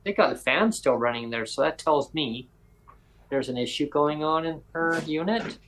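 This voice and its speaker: A man's voice: a little high, normal speed, a bit bright, a little hiss or hum, poor audio. A man hosting a casual chat, telling a long rambling story with lots of voiced quotes and self-corrections. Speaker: podcast host.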